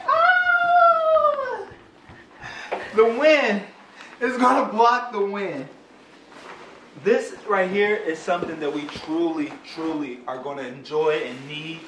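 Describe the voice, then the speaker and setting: A man's voice: on the high side, fairly bright tone, a little hiss or hum. A young man, a father, unboxing a product for his vlog, hyped and playful, talking straight to his viewers. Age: young adult. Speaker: father and vlogger reviewing a product. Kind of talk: excited unboxing vlog talk. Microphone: phone camera. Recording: roomy sound, mic at a distance, faint ambience.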